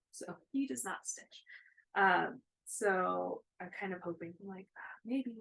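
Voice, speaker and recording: Woman, thirties, gravelly fry, casual rambling chat, lots of fillers. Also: on the low side, fairly bright tone, rough recording. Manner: rambling, chatty, with many fillers. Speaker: co-host of a cross-stitch video chat.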